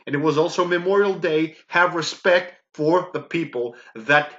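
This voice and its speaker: A man's voice: a little high, normal speed, hardly any pauses, a bit bright. A man from Greece, ranting in a mocking commentary full of fillers. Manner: emphatic, mocking, with many fillers and "okay?". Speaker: YouTube commentator. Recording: dull lo-fi mic.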